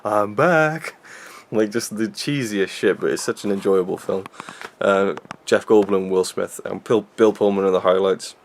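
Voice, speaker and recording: Low gravelly young man. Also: steady tone, moderate pace, hardly any pauses, a little mellow, a little hiss or hum. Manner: rambling, self-deprecating, lots of fillers. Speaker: film reviewer. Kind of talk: casual film review chat.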